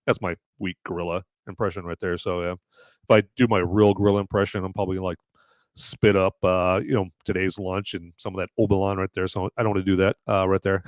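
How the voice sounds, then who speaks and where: A man with a lowish, smooth voice talks a little fast, recorded with clean studio sound and no echo. Hosting a live podcast, he banters casually with his chat, animated and swearing freely.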